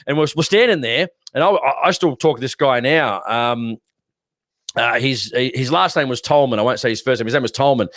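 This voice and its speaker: An Australian man co-hosting a podcast tells a rambling, lively story in a relaxed chat. His voice sits at a middle pitch. The sound is dry and close. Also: moderate pace, no echo. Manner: rambling, animated storyteller who acts out shouting. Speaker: podcast co-host.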